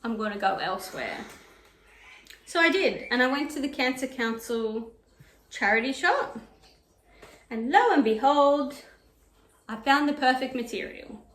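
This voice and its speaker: A woman's voice: sits high, lively intonation, unhurried, long pauses, fairly bright tone. A woman vlogging about knitting and sewing, telling a story in a chatty, digressive way while ironing at home. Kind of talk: casual chat. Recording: echoey room.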